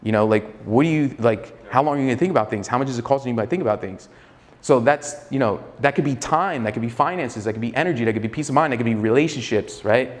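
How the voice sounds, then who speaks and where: A man's voice: medium pitch, quick pace, in a large hall. A man giving a live sales training, talking casually and profanely with a slightly arrogant edge and acting out both sides of sales calls. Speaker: sales coach.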